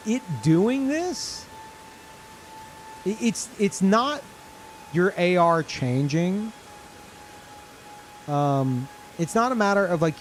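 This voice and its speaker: A man's voice: fairly high pitch, slight background noise. A man streaming a game live, reacting in disbelief, swearing often and laughing a lot. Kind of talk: live gameplay commentary.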